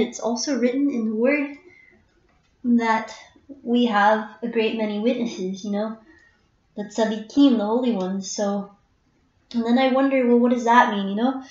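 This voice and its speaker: Woman musing slowly w lots of ums, kinda emotional, sounds far off and dull, like a roomy space. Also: on the high side. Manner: halting, reflective, many fillers and pauses. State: emotional, near tears at times. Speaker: harpist and channel host. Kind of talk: casual personal monologue. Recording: roomy, distant, dull recording.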